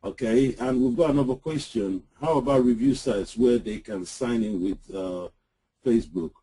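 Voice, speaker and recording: Husky-voiced man co-presenting a webinar. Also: medium pitch, mellow, low-quality recording. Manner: halting, many fillers and restarts, joking. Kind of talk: casual webinar talk.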